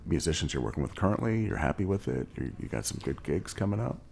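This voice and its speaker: A man's voice: low voice, sing-song, fast, gravelly, darkish tone, a little hiss or hum. A man hosting a podcast interview, encouraging his guests with upbeat affirmations. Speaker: podcast host. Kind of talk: casual interview chat.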